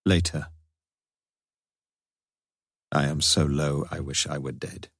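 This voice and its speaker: A man's voice: rumbling low, steady tone, takes it slowly, no echo, studio quality, pitched below the performer's own voice, heavily acted. A man reading a grieving father's confessional diary in a solemn, despairing, theatrical way.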